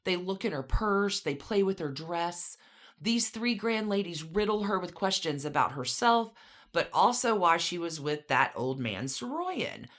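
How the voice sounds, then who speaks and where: A woman's voice: fairly low pitch, very animated, measured pace, a bit bright. A woman co-hosting a podcast, casually telling a story with conversational, dry asides. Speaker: podcast co-host.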